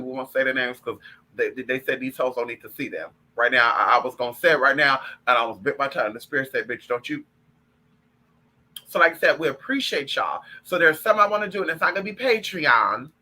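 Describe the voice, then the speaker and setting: A man's voice: medium pitch, animated, quick pace, pushed and bright, poor audio. A man, talking in a sassy, profane and emphatic way as he chats on a live stream with viewers about spiritual practice.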